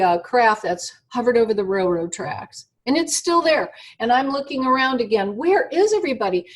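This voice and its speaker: A woman being interviewed over an internet call, telling a personal story in an animated, halting way with many fillers and restarts. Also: a little high. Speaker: interview guest.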